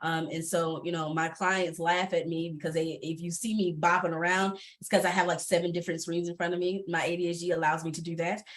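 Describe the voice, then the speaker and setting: A woman panelist and entrepreneur speaking candidly in a panel discussion, expressive and quick to laugh. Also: on the low side. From based in Atlanta. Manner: expressive, laughs often, animated asides.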